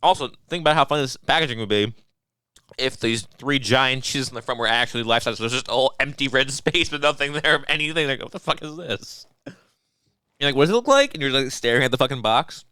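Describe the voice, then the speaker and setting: Young male podcast host, crisp bright voice, deadpan storyteller, dry close mic. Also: mid-range voice, fairly quick, no echo. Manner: deadpan storytelling with mock-drunk asides. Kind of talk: casual banter, storytelling.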